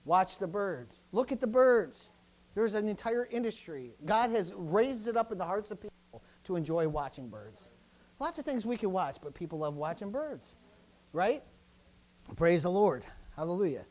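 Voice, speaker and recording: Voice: mid-range voice, big pitch swings, normal speed. A preacher, delivering an impassioned sermon with repeated phrases and questions put to the congregation. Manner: impassioned, swings from loud exhortation to quiet asides.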